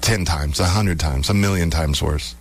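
At a moderate pace and in a low-sitting voice, this radio host keeps his on-air talk casual. In the studio he spins lively tales, playfully repeating words to be funny.

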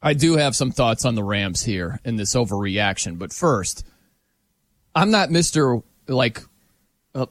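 A man hosting a sports talk show, animated and joking, often laughing as he argues his points. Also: mid-range voice, no room sound.

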